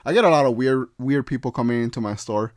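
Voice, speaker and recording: A man's voice: medium pitch, fast talker, no echo, clean studio sound. A young man hosting a casual podcast chat, hesitant with many fillers and restarts. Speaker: podcast host.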